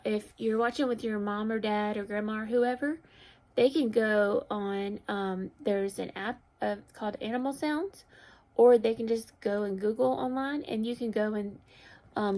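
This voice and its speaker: Warm sing-song teacher reading aloud. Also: female voice. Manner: sing-song storybook voice with high excited calls; gentle, encouraging questions to children. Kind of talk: picture-book read-aloud for young children.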